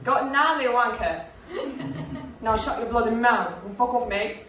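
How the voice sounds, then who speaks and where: A woman voicing a brash, foul-mouthed British tough woman with a British accent, loud, rowdy and mocking. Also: on the high side, normal speed, heavy reverb, far from the mic, slight background noise, pitched above the performer's own voice, close to an everyday voice.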